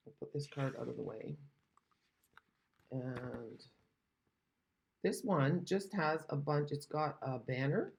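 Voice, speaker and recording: A woman's voice: low-pitched, gravelly, a little mellow, slight background noise. A woman from Canada chatting casually while demonstrating card-making, rambling and self-deprecating, recovering from an illness. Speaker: craft demonstrator.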